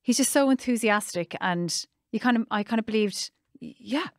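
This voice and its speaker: A woman's voice: on the high side, animated, normal speed, no room sound, clean studio sound. A woman co-hosting a podcast, chatting earnestly and agreeing readily. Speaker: podcast co-host. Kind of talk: casual chat.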